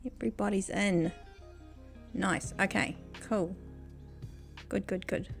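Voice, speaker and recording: A woman with a New Zealand accent takes it slowly, her mid-range voice showing vocal fry and fairly even intonation. Using a desk microphone, she chats and giggles with her viewers during a casual game stream as soft music plays.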